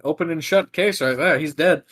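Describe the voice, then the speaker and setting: A woman's voice: low voice, fairly quick. A woman guest on a casual podcast, joking and teasing.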